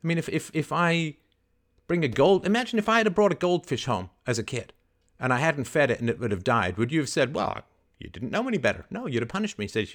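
A man hosting a call-in advice show, scripting a confrontation in forceful, indignant tones with rapid rhetorical questions and swearing. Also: a little high, sing-song. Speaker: host.

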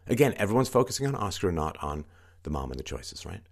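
A man's voice: big pitch swings, fast, vocal fry. A man commenting on a news article he reads aloud, talking in an emphatic, repetitive way. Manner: emphatic, repetitive, swings into mocking higher-pitched quoting.

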